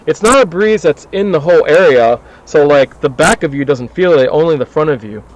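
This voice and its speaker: A man's voice: on the high side, lively intonation, fairly quick, rough recording. A man narrating a tabletop game as game master, describing scenes in a casual, filler-heavy way.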